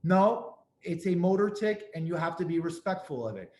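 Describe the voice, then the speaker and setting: Man, high voice, emphatic, repeats himself, echoey room. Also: animated, normal speed, a little mellow. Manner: emphatic, repeats key points, direct advice to listeners. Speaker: host and speaker on restaurant accessibility. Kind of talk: earnest advice talk.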